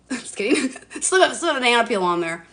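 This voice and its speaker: A woman's voice: a little high, vocal fry, fairly bright tone. Bubbly chatty woman in her forties. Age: 40s. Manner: chatty, bubbly, mild cursing. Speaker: skincare livestreamer. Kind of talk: casual live-stream chat. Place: at home.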